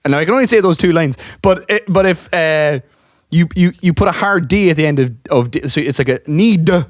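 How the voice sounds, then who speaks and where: A man from Ireland co-hosting a podcast in casual chat, animated and laughing as he tells stories. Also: on the high side, fairly quick, no echo, clean studio sound. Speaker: podcast co-host.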